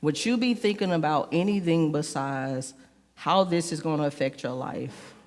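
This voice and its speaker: A woman's voice: low-pitched, normal speed, darkish tone. Woman, church elder, conversational sermon, sarcastic humor, long church reverb. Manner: sarcastic, humorous, swings from joking to earnest.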